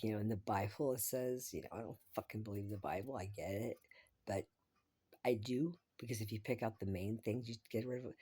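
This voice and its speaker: A woman's voice: very deep voice, mellow, husky. A woman vlogging in a rambling, profane monologue, often dropping to a whisper.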